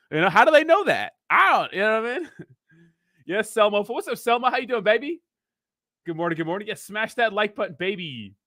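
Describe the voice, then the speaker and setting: A man's voice: sits high, bright, forceful tone, no echo, studio quality. A man hosting a casual crypto livestream, rambling and joking as he reads viewer comments aloud.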